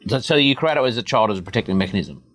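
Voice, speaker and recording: A man's voice: on the low side, animated, rapid-fire, a bit bright, a little hiss or hum. A man hosting a casual interview, thoughtful and searching for words as he builds up his ideas. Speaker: podcast host.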